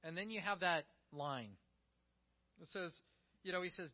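A man preaching a conversational, animated sermon, reading scripture and then explaining it. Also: on the high side, unhurried, long pauses, muffled recording. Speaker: pastor.

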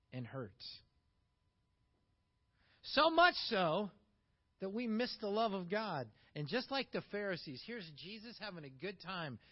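A man preaching a sermon, animated, swinging from emphatic peaks to quiet, slowed asides. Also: a little high, highs cut off. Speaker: pastor.

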